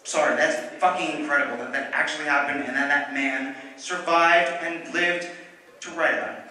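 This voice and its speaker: A drunk man telling a war story at a convention panel, rambling and correcting himself with animated bursts. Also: fairly high pitch, normal speed. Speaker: panel presenter telling history. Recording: echoey hall, from far off, noisy.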